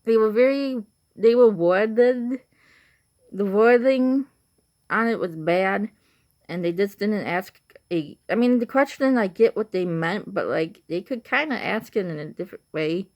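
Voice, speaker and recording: A woman's voice: medium pitch, expressive, a little slow, darkish tone, dull audio. A young woman with a Chicago accent, just woken up and tired, chatting to camera in a rambling way full of fillers. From Chicago, Illinois. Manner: rambling, many fillers like "like" and "you know". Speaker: vlogger. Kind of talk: casual rambling chat to camera.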